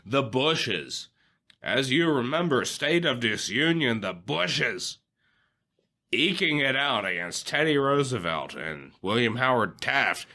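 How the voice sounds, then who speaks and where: A man playing a bright-voiced wrestling commentator. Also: medium pitch, sing-song, slow, heavily acted. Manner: emphatic announcer delivery. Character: male wrestling play-by-play commentator.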